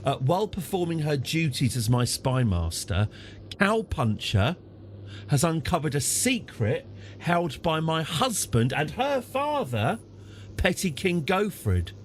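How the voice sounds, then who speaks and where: A British man talks through a strategy game live, in a slow and unhurried way. His pitch swings widely as he reacts, and he chats freely. A faint hiss of noise sits behind his voice. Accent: British English. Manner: chatty, easily excited, apologetic after outbursts. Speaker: streamer.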